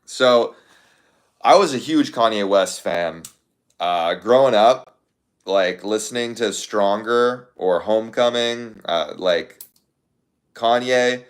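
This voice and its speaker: A man's voice: lowish voice, slow pace. A young man casually chatting to his viewers, thinking aloud in a rambling way with lots of fillers. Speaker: content creator.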